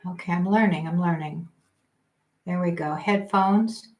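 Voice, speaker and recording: A woman's voice: fairly low pitch, a little slow, a little mellow. An older woman astrologer chatting casually on a livestream, thinking aloud and joking about her trouble with the technology.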